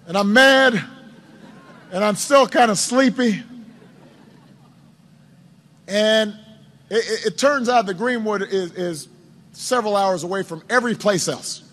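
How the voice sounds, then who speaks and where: Indoors at a campaign office, a politician with a markedly high-pitched, fairly bright voice tells his supporters a long anecdote. He speaks at a measured pace with frequent pauses, often repeating himself and lightening things with dry, wry humor.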